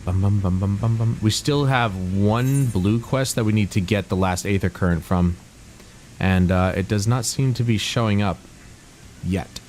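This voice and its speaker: A man's voice: fairly low pitch, a little slow, a little mellow, slight background noise. A man streaming a video game, chatting casually and thinking aloud about the story and quests. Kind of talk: casual gameplay commentary.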